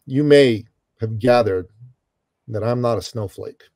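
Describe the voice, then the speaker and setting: Middle-aged guy from iran spinning a story, keeps saying brother, warm low tone. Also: a little slow, dry recording. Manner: animated storyteller, calls host brother. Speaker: guest. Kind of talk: storytelling interview.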